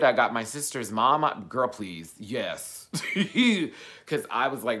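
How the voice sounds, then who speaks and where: Sassy animated man ranting. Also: normal speed. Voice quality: animated, sassy, profane, swings between loud outbursts and low asides. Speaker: vlogger. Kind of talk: casual storytelling rant.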